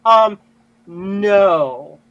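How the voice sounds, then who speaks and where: A man's voice: high voice, expressive, very slow, fairly bright tone, no room sound, highs cut off. A man chatting on a livestream call, explaining his gear in an easygoing way. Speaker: guest on a repair livestream. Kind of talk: casual group chat on a video call.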